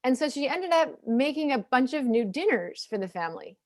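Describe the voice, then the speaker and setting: A woman's voice: sits high, very animated, fairly quick, no room sound. Chatty woman in her forties, dry sound. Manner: chatty, laughs easily, plays out family dialogue. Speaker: panel moderator. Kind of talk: casual panel talk.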